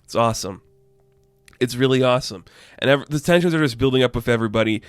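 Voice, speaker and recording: A man giving a casual, excited comic book review, talking loosely and swearing freely. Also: medium pitch, racing, no room sound, soft background music.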